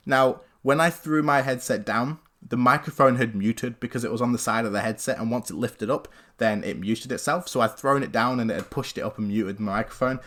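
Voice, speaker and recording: A man's voice: medium pitch, normal speed. Chatty young man. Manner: animated, chatty, leans on "literally". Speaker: gaming YouTuber. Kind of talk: casual story time.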